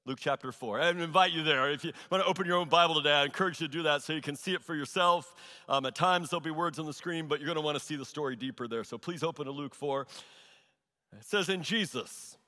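A male pastor preaching a sermon in a church, telling a story with animated, exaggerated asides. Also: a little high, fast, long reverb tail. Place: large church hall.

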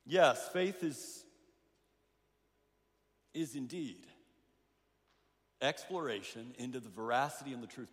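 A man's voice: mid-range voice, takes it slowly, long pauses. A man preaching a sermon, telling a story with acted-out voices and many restarts. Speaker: pastor. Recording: hall reverb.

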